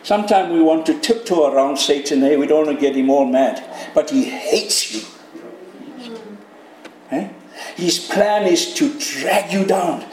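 A man's voice: fairly high pitch, measured pace, a little mellow, a little hiss or hum. A man preaching a sermon in an earnest, conversational way, asking his listeners direct questions. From Canada. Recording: echoey room.

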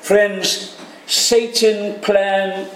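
Slow-speaking preacher, high voice. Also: male voice, flat delivery, a little hiss or hum. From Canada. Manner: earnest, conversational preaching with direct questions to the audience. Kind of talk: sermon. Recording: echoey room.

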